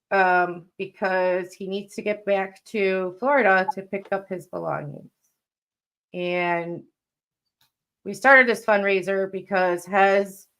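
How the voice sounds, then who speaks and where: A woman co-hosting a casual live stream, chatting and then making an earnest appeal to viewers. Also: lowish voice.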